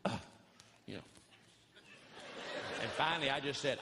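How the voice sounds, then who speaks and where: A middle-aged man telling animated, folksy comic stories as a Christian comedian in front of a live audience. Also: mid-range voice, measured pace, noisy background. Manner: folksy, animated, acts out voices of others. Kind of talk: live stand-up storytelling. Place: church hall with a live audience.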